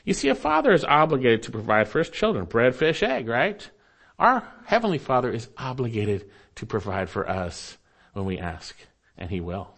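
A man's voice: mid-range voice, wildly swooping pitch, moderate pace, a bit bright, husky. A man preaching a sermon to his congregation, reading scripture aloud and earnestly repeating his key phrases. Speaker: pastor.

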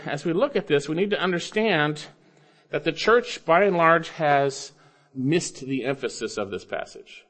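A man preaching an expository sermon, emphatic, coaxing listeners along with rhetorical questions and swinging between loud stresses and low asides. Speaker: preacher teaching Bible grammar.

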